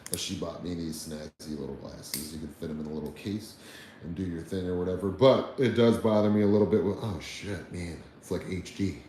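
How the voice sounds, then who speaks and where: A low-voiced man from the United States chats loosely on a livestream, rambling, swearing freely and reading out comments. His voice bounces around a very echoey room with faint noise underneath. The tone stays relaxed and unpolished. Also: brisk. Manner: rambling, profane, laid-back. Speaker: livestream host.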